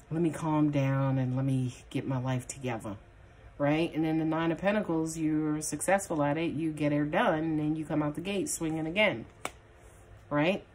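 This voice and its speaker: Blunt, chatty woman tarot reader on the lower side of pitch; loose, casual delivery with profanity. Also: a little hiss or hum. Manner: chatty and blunt, swears casually, many fillers. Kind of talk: casual tarot reading monologue.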